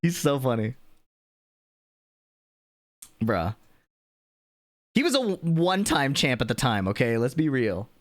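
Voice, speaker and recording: A man chatting casually on a live stream, animated and laughing, swearing freely as he talks. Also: medium pitch. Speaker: streamer and video maker.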